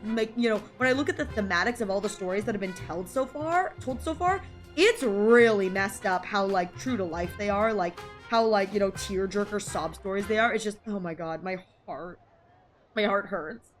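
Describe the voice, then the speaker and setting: A woman's voice: mid-range voice, animated, normal speed, faint music behind. A woman streaming a video game, teary and sniffly from crying, gushing over and over about how sweet the story is. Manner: gushing, effusive, repeats "so sweet". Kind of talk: live game commentary, reading dialogue aloud.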